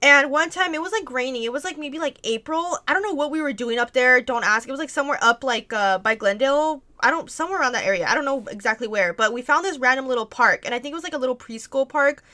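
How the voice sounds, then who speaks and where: Bright high-voiced young woman rambling. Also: fast talker, hardly any pauses. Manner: rambling, heavy "like" filler, frequent swearing. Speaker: streamer answering viewer questions. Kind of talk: casual storytelling chat.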